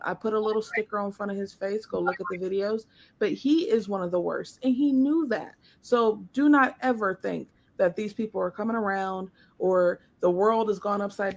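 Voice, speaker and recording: A woman guest on a streamed commentary show, making a fast, pointed argument. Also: mid-range voice.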